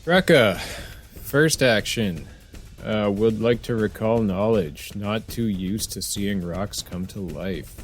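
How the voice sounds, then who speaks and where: A man's voice: fairly low pitch, fairly even intonation, measured pace, a little mellow, soft background music. A man playing a tabletop game, joking his way through his character's turn. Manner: jokey, upbeat. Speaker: player.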